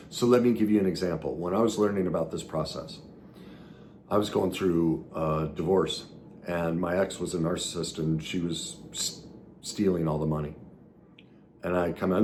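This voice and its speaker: A man with a very low voice hosts a solo podcast as a recovery coach. He talks in an earnest, coaching way, jumping into emphatic bursts and then dropping quiet. A faint background noise sits under the recording. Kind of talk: solo podcast teaching talk.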